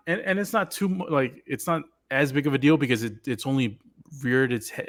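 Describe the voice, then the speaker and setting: A man co-hosting a casual podcast discussion, speaking haltingly with many restarts as he airs frank complaints. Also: medium pitch, fairly bright tone. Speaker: podcast co-host.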